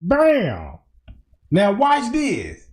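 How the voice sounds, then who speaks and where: Talking extremely slowly in a high voice with huge pitch swings, a man gives slangy, casual commentary over video, emphatically pointing out details as he walks through the footage.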